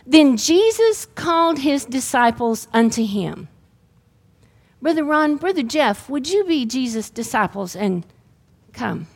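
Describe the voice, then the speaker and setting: A middle-aged woman, preaching a sermon and telling her own healing testimony in a lively storytelling way. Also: a little high, unhurried, creaky, long pauses, slightly rough.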